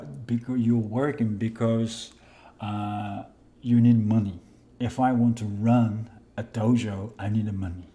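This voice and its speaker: A man talks slowly and unhurriedly on a live stream. His voice is dark and mellow, of middle pitch. He reads viewer comments politely, stumbling over names and restarting his sentences. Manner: hesitant, halting, many restarts while reading names; polite, thanks viewers often. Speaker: kendo instructor hosting a live stream.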